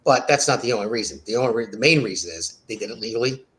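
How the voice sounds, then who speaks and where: A man's voice: on the low side, lively intonation, racing, fairly bright tone. A man hosting a talk show segment, talking loosely and rambling. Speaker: show host.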